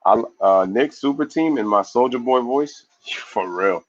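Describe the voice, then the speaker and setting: A man hosting a casual live sports stream, reading viewer comments aloud and giving shout-outs in a loose, slangy way. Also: mid-range voice, a little slow, dull audio. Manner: loose, slangy, animated opinions.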